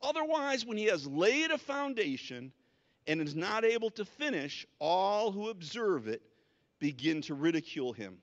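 Male pastor, high-pitched, chatty preaching with restarts; muffled, echoing sanctuary recording. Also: big pitch swings, moderate pace. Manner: conversational preaching with many restarts and repeated words. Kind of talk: sermon. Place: church sanctuary.

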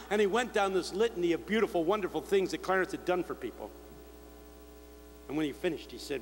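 An older man preaching a sermon to a big crowd, telling stories and acting out the shouts of others. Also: on the high side, lively intonation, a little fast, long pauses. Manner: storytelling, mimicking shouts of others. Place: large convention hall. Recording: echoey hall with faint hum.

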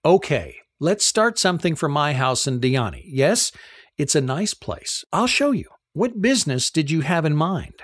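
A man reading a sharp young Kenyan woman. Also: on the high side, very animated, moderate pace, no echo, studio quality. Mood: warm.

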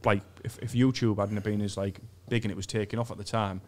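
A man's voice: lowish voice, fairly even intonation, fast, a little mellow. A young man, a comedian, telling a sweary story in a casual chat, with frequent restarts. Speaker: comedian guest. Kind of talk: casual anecdote.

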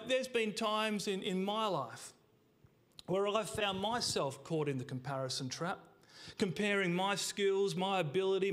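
A man, a pastor, preaching a sermon to his congregation, emphatic, slowing key words and dropping to a hush. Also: high-pitched. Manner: addresses the congregation directly.

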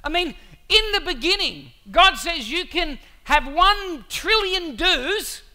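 A man preaching a sermon, telling a story in an animated way with asides to the congregation. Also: very high-pitched, slow. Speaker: pastor.

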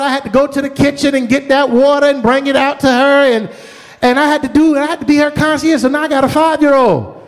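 A middle-aged man preaching a storytelling sermon with a folksy, repetitive cadence. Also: very high voice. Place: church sanctuary. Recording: long church hall reverb.

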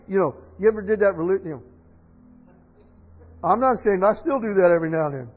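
A man preaching a sermon as pastor, telling stories and building to loud, emotional preaching. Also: high-pitched, animated, fast talker, husky. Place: church sanctuary. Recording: dull sound in a reverberant church hall.

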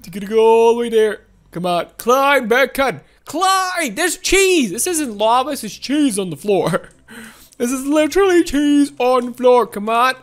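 A woman hosting a gaming channel, giving excitable, playful let's-play commentary with frequent laughs and shouts. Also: on the high side, measured pace, soft background music.

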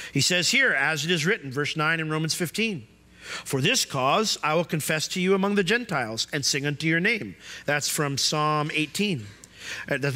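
A male pastor delivers a sermon in a church, his fairly high, bright voice carrying a long reverb through the room. He preaches expressively and slips into the voices of the people in his stories. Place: church sanctuary.

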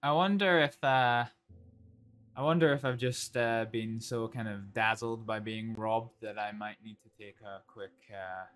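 Woman doing Thomas, a soft-spoken newcomer. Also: extremely low pitch, unhurried. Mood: wry. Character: Thomas, a newly arrived Scottish man, mild and easygoing. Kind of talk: in-character role-play. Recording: faint game music behind.

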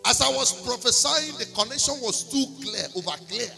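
A man's voice: very high-pitched, lively intonation, normal speed, gravelly, over music. A man with a Nigerian accent preaching a sermon in church, telling a testimony and slipping into pidgin. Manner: storytelling, slipping into pidgin, rising to shouts and singing. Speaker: prophet preaching. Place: church service.

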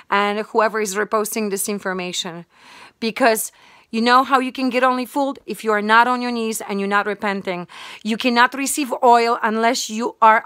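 A woman's voice: a little high, fairly bright tone, no room sound, studio quality. A woman giving an impassioned religious sermon, fervent and emphatic, repeating her points. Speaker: online preacher.

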